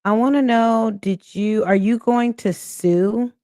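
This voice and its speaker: A woman's voice: on the high side, warm tone, no room sound, studio quality. A woman hosting a reaction livestream, talking critically and with exasperation to her viewers. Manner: slow, critical, exasperated commentary. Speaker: reaction channel host. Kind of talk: casual commentary to livestream viewers.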